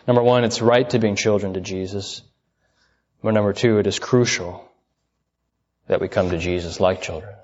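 A man's voice: fairly low pitch, darkish tone, highs cut off. A man preaching a sermon, stressing his points with repetition and asking his listeners questions. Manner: emphatic, repeats key phrases, asks the listeners questions.

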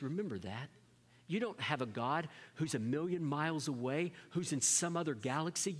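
Male pastor, high-pitched, preaching in a church with long reverb; dynamic, dips to near-whispers. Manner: dynamic preaching, drops to soft whispers for emphasis. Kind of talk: sermon.

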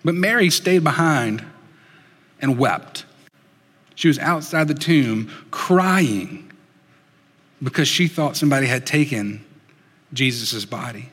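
A man preaching a sermon in an earnest storytelling way, dropping soft and slow for emphasis. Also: medium pitch, lively intonation, husky, long reverb tail. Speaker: pastor.

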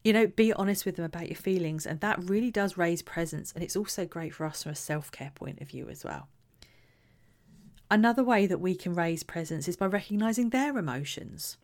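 Female, lower-pitched, warm-toned educator for parenting advice. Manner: gentle, earnest, acts out example phrases. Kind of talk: talking-head advice talk.

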